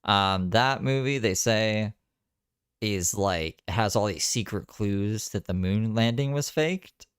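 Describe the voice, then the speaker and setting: A man's voice: on the low side, takes it slowly, clear, resonant tone, no echo, clean studio sound. A man streaming live and reacting to videos in casual, mocking commentary, swearing freely.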